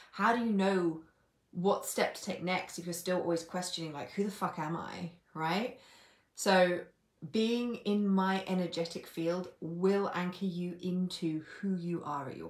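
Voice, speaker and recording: A woman's voice: fairly low pitch, echoey room. A woman coach giving a blunt, sweary live stream pep talk, laughing often.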